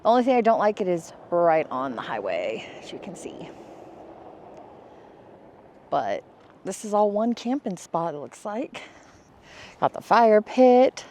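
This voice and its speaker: A woman's voice: medium pitch, very animated, unhurried, long pauses, dark tone, slight background noise. A woman vlogging outdoors in a casual way, gushing at her dogs in baby talk. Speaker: travel vlogger. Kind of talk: casual vlog narration. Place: outdoors near a river and highway.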